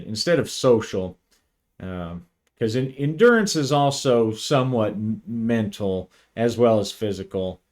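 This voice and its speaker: A man's voice: fairly low pitch, darkish tone. A man narrating a solo tabletop role-playing session, thinking aloud with frequent restarts. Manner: thoughtful, hesitant, frequent restarts. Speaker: solo game player and narrator.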